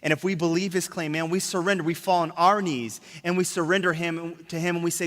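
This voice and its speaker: Bright-voiced man preaching in a reverberant church. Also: on the high side, steady tone, fairly quick, hardly any pauses. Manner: emphatic, drops to a hush on key words; asks the crowd rhetorical questions. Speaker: pastor. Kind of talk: sermon. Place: church sanctuary. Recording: long reverb of a church hall.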